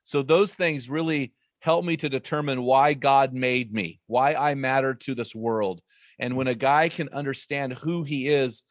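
A man, an author and guest, teaching on faith and marriage in an emphatic, preacherly way with quick asides. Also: medium pitch, dry recording, clean studio sound.

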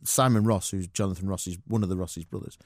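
Fast-talking man telling stories. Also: deep voice, no room sound, studio quality. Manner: animated anecdotes with quoted voices and laughter. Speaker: guest. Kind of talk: casual interview storytelling.

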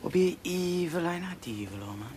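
A man's voice: high voice, animated, normal speed, a little mellow, slight background noise. An actor in a film clip playing a man who speaks in a thick put-on island accent. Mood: laid-back. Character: man in a film putting on a clumsy Jamaican accent. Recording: film clip with faint background ambience.

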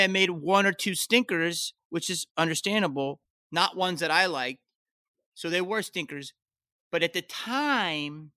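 A male comedian, guesting on a podcast, tells stories casually and animatedly, swearing and breaking into high-pitched outbursts. The sound is clean studio audio with no room noise.

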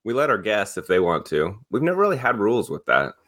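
Man hosting a celeb news podcast, lowish voice, upbeat and chatty. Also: huge pitch swings, quick pace, fairly bright tone. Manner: upbeat, reads stories conversationally. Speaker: co-host. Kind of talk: casual chat and news rundown.

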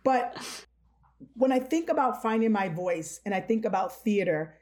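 A middle-aged podcast host with a fairly high, expressive, slightly mellow voice tells a childhood story candidly at a normal pace. She acts out the quotes in this casual storytelling chat.

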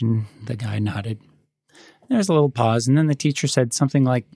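Man, podcast co-host, reflective storyteller, medium pitch, dry close recording. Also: fairly quick, dry recording. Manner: reflective storyteller, gentle and animated in anecdotes. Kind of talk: casual conversation.

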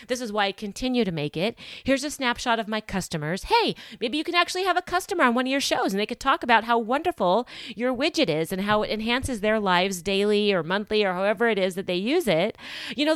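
A woman's voice: on the high side, no room sound, studio quality. A woman hosting her own podcast in casual solo talk, gushing and exclamatory. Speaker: podcast host. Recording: music bed under the voice.

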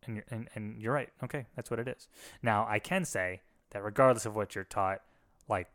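A man's voice: lowish voice, a little fast, fairly bright tone. A man, a former pastor, talking candidly and reflectively in a casual conversation, with frequent restarts. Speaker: podcast co-host, former pastor.

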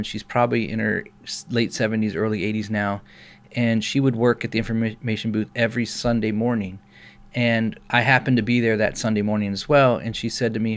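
A middle-aged pastor telling a personal story in casual podcast chat, acting out the people he quotes. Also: fairly low pitch. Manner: animated storyteller, acts out quoted voices.

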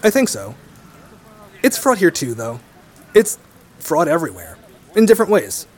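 Brief: young man telling his story, animated, slightly high voice. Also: normal speed. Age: young adult. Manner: relaxed, wry, laughs easily. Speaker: interviewee. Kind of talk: conversational interview.

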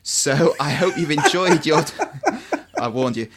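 A man's voice: a little high, expressive, unhurried, background noise. A man co-hosts a podcast in easy, casual chat. He jokes around and breaks into laughter partway through his sentences. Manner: jokey, laughs often mid-sentence. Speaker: podcast co-host.

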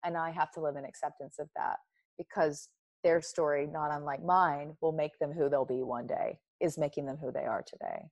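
A woman's voice: low voice, moderate pace, darkish tone, no room sound, highs cut off. A woman guest speaking earnestly and emotionally in an interview, often repeating words as she starts a thought. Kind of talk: heartfelt interview talk.

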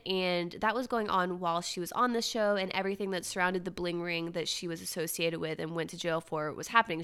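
A woman's voice: on the low side, fairly bright tone, smooth. A young woman hosting her own podcast in casual solo chat, with uptalk and a valley girl way of speaking. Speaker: podcast host.

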